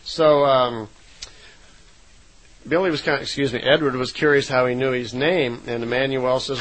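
A man's voice: medium pitch, steady tone, moderate pace, long pauses, a bit bright, rough recording. A man retelling a story in a loose, unscripted way, with frequent fillers and self-corrections. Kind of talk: casual spoken retelling.

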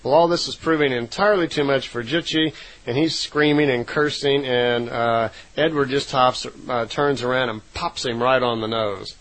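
A man's voice: mid-range voice, steady tone, moderate pace, a bit bright, poor audio. A man retelling a story in a loose, unscripted way, with frequent fillers and self-corrections. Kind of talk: casual spoken retelling.

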